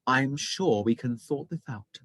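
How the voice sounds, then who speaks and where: A man reading a storybook aloud and voicing a pompous, fussy male hotel manager in a raised, louder voice. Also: medium pitch, a little slow, no echo. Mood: oily.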